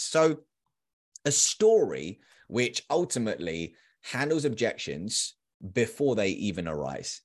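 On a podcast, a thirty-something sales trainer talks with lively energy in a lowish voice, going a little slow. He animates quoted conversations and drives his points home by repeating them.

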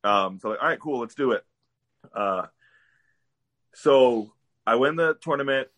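A man's voice: medium pitch, animated, a little slow, fairly bright tone. A man telling a story on a casual podcast, laughing as he goes. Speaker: guest wrestler.

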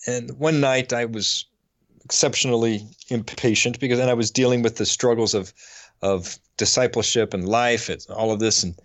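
A middle-aged man on a faith podcast, telling a personal story in an earnest, halting way and getting choked up. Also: medium pitch, fairly even intonation, no room sound. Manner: earnest, halting, with frequent restarts. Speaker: podcast co-host.

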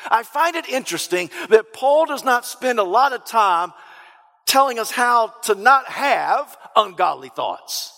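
A man's voice: extremely high pitch, big pitch swings, a little slow, vocal fry, pushed and bright. A man preaching a sermon as pastor, emphatic and repetitive, sometimes rising into sung cadences, in a church sanctuary. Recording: long reverb in a large hall.

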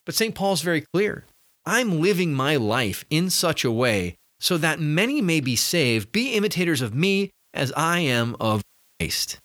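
Man, conversational sermon delivery, animated intonation, dead-dry close mic. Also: a little high, a little slow, dry recording. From North America. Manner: earnest, conversational, with restarts and rising emphasis. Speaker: preacher. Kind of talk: sermon-style podcast reflection.

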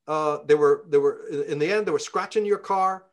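A man's voice: fairly high pitch, normal speed. Fiery Belfast-accented man, swearing. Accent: Northern Irish (Belfast). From Belfast, Northern Ireland. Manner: profane, heated ranting. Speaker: interviewee. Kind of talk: casual storytelling.

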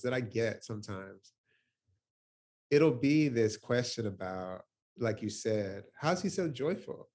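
Man, poet guest on a video call. Casual, animated storyteller who laughs a lot, swears freely and talks in loose, filler-heavy phrases. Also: on the low side. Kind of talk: reflective conversational storytelling.

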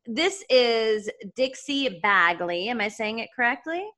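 A woman's voice: fairly high pitch, expressive, measured pace, pushed and bright. A woman in her forties with a Southern US accent, co-hosting a podcast in casual, chatty talk with easy laughs. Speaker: podcast co-host. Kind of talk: casual chat.

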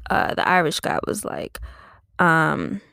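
A woman's voice: on the low side, lively intonation, a little slow, gravelly, dry recording, clean studio sound. A woman comedian podcasting, making up a silly story in a rambling, giggly, self-amused way. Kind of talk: improvised comic storytelling.

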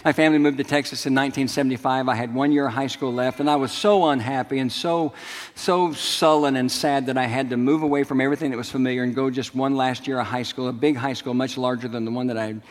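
A man's voice: medium pitch, fairly even intonation, fast talker. A middle-aged man preaching a sermon, telling stories and calling on the congregation to respond. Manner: storytelling, asks the congregation to respond. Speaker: pastor. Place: large church sanctuary. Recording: long hall reverb.

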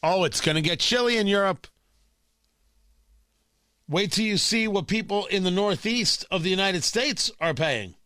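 High, bright-voiced sarcastic male talk host. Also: lively intonation, moderate pace, pauses often, no room sound, clean studio sound. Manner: sarcastic, emphatic, incredulous. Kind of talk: opinionated political talk commentary.

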